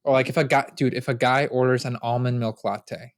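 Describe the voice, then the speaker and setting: A young man co-hosting a casual podcast, telling stories with a lot of energy, swearing freely and laughing as he goes. His voice is medium-pitched and sits close to the mic. The sound is dry, with no room reverb. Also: fairly quick. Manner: animated storyteller, swears freely and laughs often. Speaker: podcast co-host. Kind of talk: casual chat.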